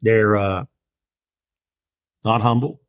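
A man teaching a Bible lesson, his voice somewhat low and his pace very slow and unhurried. He pauses often and stresses key words as he reads out the verses. The sound is dry and close, with no room around it. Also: steady tone, no echo, lo-fi sound. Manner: slow, deliberate, with many pauses.

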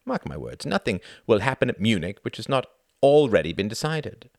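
A man's voice: mid-range voice, big pitch swings, normal speed, creaky, dry recording, clean studio sound, voice pushed up. A man reading the part of a weary, cynical older aristocratic diplomat with a sardonic drawl.

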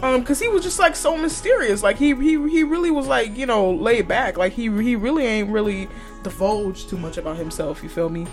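A woman's voice: on the high side, brisk, soft background music. A woman hosting a podcast, giving blunt, profane opinions in casual chat and often breaking into laughter. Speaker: podcast host.

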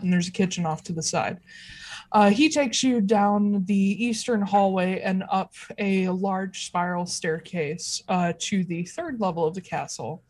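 A woman of ordinary pitch narrates a castle scene as game master. She pauses often with ums and uhs, and her manner stays loose. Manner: laughing, loose, hesitant with ums.

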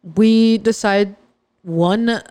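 Speaking very slowly in a warm, mid-range voice, a woman hosting a podcast recounts a personal story. Her tone is chatty and playful, and she frequently interrupts her own sentences; the recording is dry.

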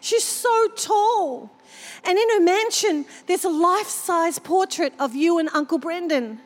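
A woman's voice: very high-pitched, lively intonation, measured pace, pitched above the performer's own voice. A woman voicing an awestruck young girl who tells her story breathlessly and wide-eyed. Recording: reverberant hall sound.

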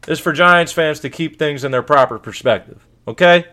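A man's voice: a little high, moderate pace, hardly any pauses. A man giving a casual, emphatic sports commentary monologue as a show host, full of rhetorical questions and repetition. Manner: animated, emphatic, repeats himself, rhetorical questions.

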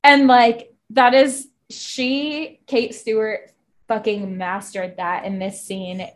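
A woman with a slightly high voice chats casually about a book she loved. She gushes and swears freely, her sentences full of "like" fillers. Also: steady tone, slow. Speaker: podcast co-host. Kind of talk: casual book-club chat.

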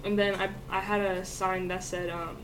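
A young woman hosts a laid-back podcast and tells her stories with lots of animation, breaking into laughter and swearing freely. Her voice sits at an ordinary pitch and comes from a little way off the mic, with faint noise underneath. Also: flat delivery, normal speed, distant mic. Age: young adult. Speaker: podcast host. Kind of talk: casual chat.

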